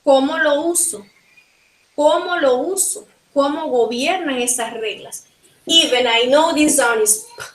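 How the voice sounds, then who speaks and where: A woman from Panama with a Panamanian Spanish accent, teaching a linguistics class and slowly repeating words to model pronunciation. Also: high-pitched, roomy sound, rough recording. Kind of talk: bilingual classroom lecture.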